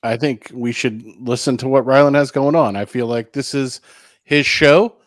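A man's voice: medium pitch, moderate pace, no room sound. Teasing man on a podcast. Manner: teasing, mock-grand. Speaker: podcast co-host. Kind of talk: casual chat.

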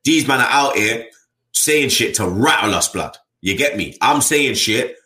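A man's voice: mid-range voice, expressive, unhurried, sharp tone, reverberant. A man, a football fan channel host talking bluntly in casual chat, full of slang and tag questions. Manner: blunt, slangy, keeps adding "you get me".

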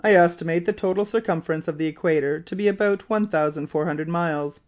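A reader voicing a calm, measured naval lieutenant. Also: medium pitch, close to an everyday voice. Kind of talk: audiobook character reading.

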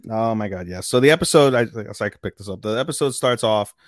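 A man's voice: lowish voice, animated, fast, dry recording, studio quality. A man casually recapping an anime episode on a podcast, rambling, stumbling over names and swearing now and then. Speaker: podcast co-host.

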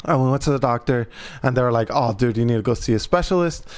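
A man and father co-hosting a podcast, telling an animated anecdote full of slang and swearing. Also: mid-range voice, quick pace, smooth. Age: adult parent. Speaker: podcast co-host. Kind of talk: casual storytelling chat.

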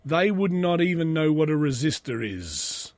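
A man's voice: fairly high pitch, very animated, normal speed, dry recording. A man with an Australian accent hosting a podcast, casually reading out comments with loose, crude asides. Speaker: podcast host.

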